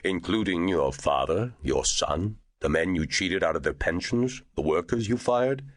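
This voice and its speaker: A man voicing a huge, genial angel in human form who talks in a slow, scoffing drawl. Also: low-pitched, expressive, no echo, clean studio sound.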